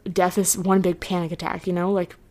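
In a solo podcast, a young woman chats casually with a lowish, somewhat dark voice, keeping a level tone at a fairly quick clip. She comes across as earnest and reassuring, trailing off often and leaning on "like."

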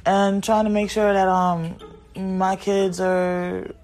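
A woman talks slowly in a mellow, medium-pitched voice with little variation in pitch. She hosts a podcast, rambling frankly to listeners and breaking away at times to care for her kids.

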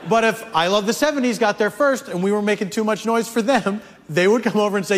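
Guy with a pretty high voice spinning a funny story, lively, kinda echoey with some hum behind. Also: a little fast. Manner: animated, building to mock-outraged shouts. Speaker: comedian. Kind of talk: comic storytelling.

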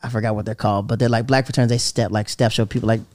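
A man's voice: on the low side, steady tone, racing. Rambling man telling stories. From American South. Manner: rambling, loaded with "like", acts out quoted voices. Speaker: stand-up comedian, guest. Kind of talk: casual storytelling chat.

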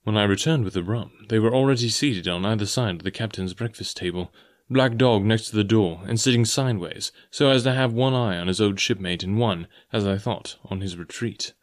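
A man reading an audiobook aloud in measured first-person narration. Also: fairly low pitch. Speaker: audiobook reader.

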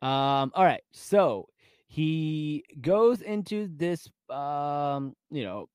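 A man's voice: a little high, animated, very slow, a little mellow, smooth, no echo, studio quality. A man co-hosting a casual fan discussion, recapping scenes and laughing often. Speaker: podcast co-host.

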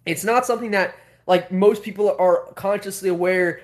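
A man hosting a livestream, telling a story casually in a rambling, animated way with many filler words. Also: high voice, normal speed. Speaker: host.

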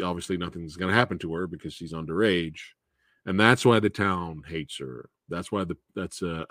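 A man's voice: lowish voice, fairly bright tone, no echo, clean studio sound. A man hosting a casual movie review show, rambling through plot spoilers, laughing often and swearing freely.

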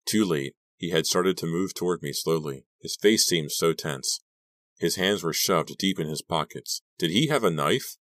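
A man reading a teen horror audiobook aloud, narrating in the first person with a steady, measured pace. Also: low voice, no room sound, studio quality. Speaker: audiobook reader.

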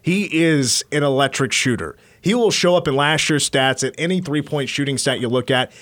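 A man's voice: medium pitch, expressive, normal speed, a bit bright. Emphatic male sports radio host. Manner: hyped, emphatic stat-driven player breakdown.

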